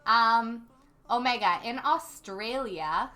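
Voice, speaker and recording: A young Canadian woman hosts a casual gaming livestream, chatting and reading viewer comments aloud with plenty of ums. Her voice is on the high side, slow, and sharp in tone.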